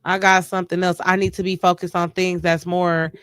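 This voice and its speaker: A woman's voice: lowish voice, little pitch movement, brisk, smooth, no room sound, clean studio sound. A grieving woman talking casually in a live stream chat, emotional and rambling, often restarting her sentences. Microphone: live stream mic.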